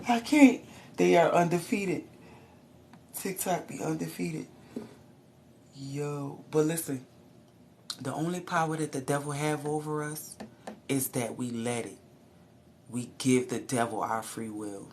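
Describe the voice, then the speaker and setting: Gravelly low-voiced woman reading tarot. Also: unhurried, slight background noise. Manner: profane, laughs and exclaims often. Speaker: tarot reader.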